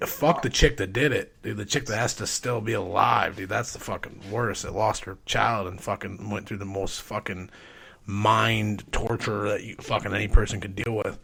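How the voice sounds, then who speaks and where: A man's voice: lowish voice, steady tone, normal speed, vocal fry, pushed and bright, husky. Profane, blunt podcast host man. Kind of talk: casual chat.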